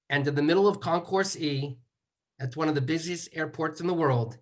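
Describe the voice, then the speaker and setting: A man giving measured remarks as a son at a memorial, moving through slow, deliberate lists. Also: fairly high pitch, a bit bright. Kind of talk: eulogy remarks.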